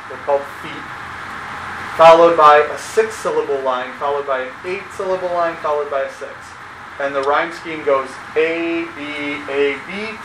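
A man teaches a class in a large, echoey room, and his voice sits a little higher than most. He explains in a relaxed way, filling his pauses with "um" and "uh", and a steady hum of background noise runs under him. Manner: relaxed, explanatory, many fillers. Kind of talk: classroom lecture.

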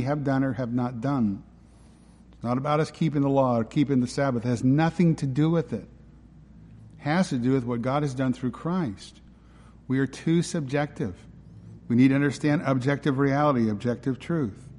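A pastor with a mid-range, slightly mellow male voice preaches a sermon, emphatic yet conversational, frequently putting rhetorical questions to his listeners. The recording carries a long hall reverb.

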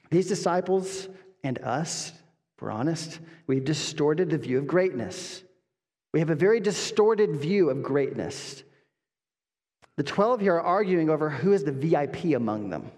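A man's voice: fairly high pitch, expressive, unhurried, a little mellow. A man preaching an expository sermon as pastor, earnest and emphatic, repeating lines and asking rhetorical questions. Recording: long reverb of a hall.

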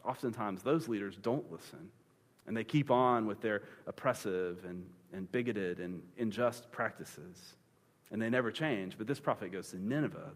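A man preaching a sermon, retelling a scripture story in a lively, joking way with comic asides. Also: medium pitch. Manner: animated, playful storytelling with dad-joke humor. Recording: long reverb of a large hall.

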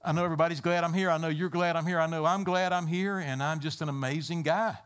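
A man's voice: a little high, fairly even intonation, fast, a bit bright, smooth, natural voice. A man acting out a boastful, self-satisfied man praying, within a sermon. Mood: smug.

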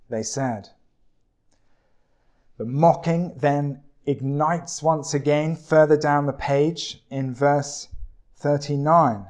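Male preacher, sermon, slow deliberate delivery, storytelling asides. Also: on the high side, darkish tone.

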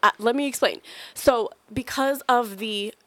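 A woman co-hosting a podcast, chiming in with quick, teasing remarks in casual chat. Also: on the high side, no room sound. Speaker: podcast co-host.

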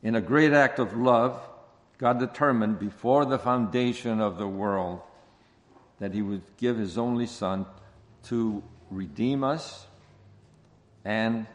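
Man, preacher, sermon, slow deliberate delivery, repeats phrases for emphasis, long hall reverb. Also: lowish voice. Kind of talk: expository sermon.

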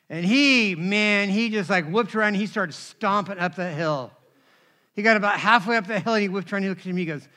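Male pastor, high and bright, animated storytelling sermon, keeps asking the congregation to respond. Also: fairly quick. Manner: animated, conversational, asks the crowd for responses. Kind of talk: sermon with personal stories.

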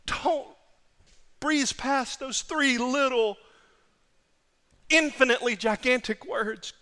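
A man's voice: extremely high pitch, slow, pauses often, pushed and bright, in a large hall. A man preaching a sermon as pastor, emphatic, repeating phrases for stress.

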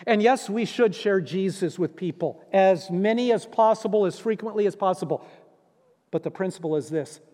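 A middle-aged man preaching a sermon as pastor, earnest and emphatic, repeating key phrases for weight. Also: high-pitched. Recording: long reverb in a large hall.

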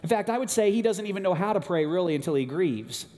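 A middle-aged man preaching a sermon, telling a family story with animated moments, then turning hushed and earnest. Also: high-pitched, fast. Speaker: pastor. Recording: long hall reverb.

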